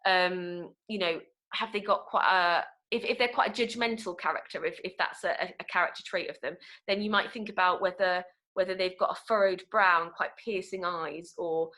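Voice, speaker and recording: A woman's voice: fairly low pitch, steady tone, normal speed, bright, forceful tone. A young woman from England with a Nottingham accent, teaching an online acting workshop in a chatty way, with many ums and restarts. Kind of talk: online webinar talk. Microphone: video call.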